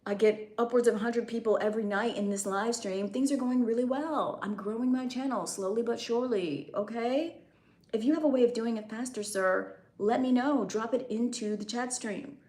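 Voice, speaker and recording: A woman's voice: a little high, moderate pace. Chatty woman streamer, echoey room. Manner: teasing, chatty, drops into a soft breathy near-whisper. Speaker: livestream host. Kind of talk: casual live-stream chat with viewers.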